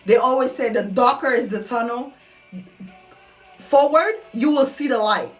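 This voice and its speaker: Woman, heartfelt personal monologue, somewhat high voice, distant mic, faint music underneath. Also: measured pace. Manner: earnest, repetitive, heartfelt. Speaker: vlogger.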